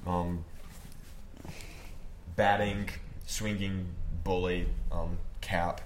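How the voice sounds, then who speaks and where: A young man co-hosting a podcast in casual chat, hesitant with many pauses. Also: deep voice, little pitch movement, slight background noise. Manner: hesitant, lots of ums. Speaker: podcast co-host.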